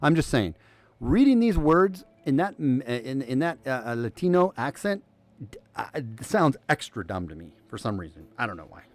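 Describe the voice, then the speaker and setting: A man hosting a casual news commentary stream, sarcastic and animated, swinging between loud remarks and muttered asides. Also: mid-range voice, normal speed, no echo. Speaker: host.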